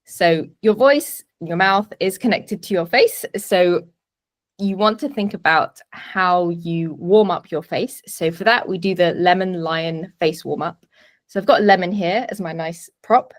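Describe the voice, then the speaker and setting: A woman presentation coach teaching a webinar from a home office, with clear, deliberate emphasis on key words. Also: fairly low pitch. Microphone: video call webinar.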